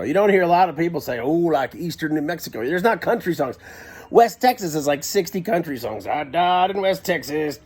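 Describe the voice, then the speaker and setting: Husky man telling a rambling story. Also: on the high side, darkish tone. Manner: rambling, self-interrupting, wry. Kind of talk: casual first-person storytelling.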